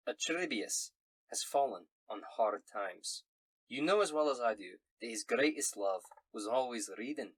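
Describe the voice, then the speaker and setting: A man voicing a vain, boastful male dwarf in a put-on Scottish accent, reading a letter in a hammy, jokey way with a husky voice. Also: medium pitch, fairly bright tone, dry recording.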